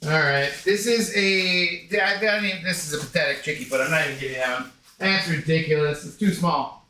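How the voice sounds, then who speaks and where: Guy streaming games, kinda high bright voice, rambly jokey chat w his dog and chat. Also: normal speed, soft background music. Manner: rambling, joking, chats to his dog and to viewers. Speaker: game streamer. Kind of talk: casual livestream chat.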